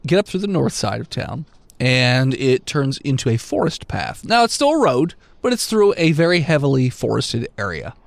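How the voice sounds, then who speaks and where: A man's voice: medium pitch, sing-song, normal speed, gravelly, no room sound. A man running a tabletop game as game master, blunt and joking, laughing between lines.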